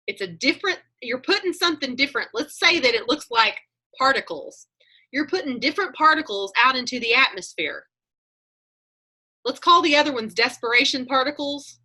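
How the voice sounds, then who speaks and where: Lady coaching over a video call, bright voice, chatty and animated. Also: high voice, fairly quick. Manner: chatty storyteller, animated, acts out her own thoughts. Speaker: coaching group leader.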